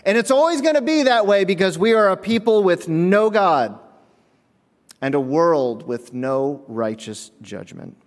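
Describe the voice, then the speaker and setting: A male pastor preaching a sermon, telling a comic story in an animated, mock-indignant way. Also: high-pitched, measured pace. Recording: echoey hall with long reverb.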